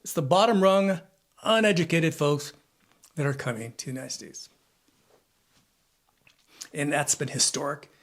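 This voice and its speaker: A man's voice: on the high side, unhurried, pauses often. A man in his seventies giving a rambling, repetitive opinion monologue, listing things and asking himself questions. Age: 70s. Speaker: vlogger. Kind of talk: casual spoken opinion monologue.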